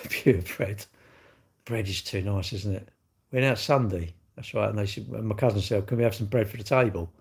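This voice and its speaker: Low gravelly English man chatting live. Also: normal speed. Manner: rambling, cheeky, jokey banter with chat. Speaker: livestream host. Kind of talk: casual live-stream chat.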